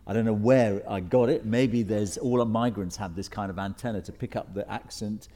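Man, received pronunciation British accent, lowish voice, panel guest, storytelling, restarts. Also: fairly even intonation, moderate pace, dark tone. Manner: reflective, anecdotal, frequent restarts. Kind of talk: panel discussion. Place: stage before an audience.

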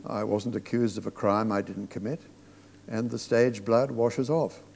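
A man's voice: lowish voice, steady tone, a little slow, gravelly, a little mellow, long reverb tail, a little hiss or hum. An older man, a theatre director, telling anecdotes with dry humour in an onstage talk.

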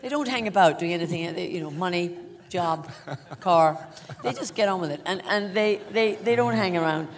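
A woman's voice: lowish voice, moderate pace, few pauses. An older Irish woman, an actress, telling self-mocking stories with lots of laughter in a stage interview. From Ireland. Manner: animated, self-mocking storyteller with frequent laughter. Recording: long hall reverb.

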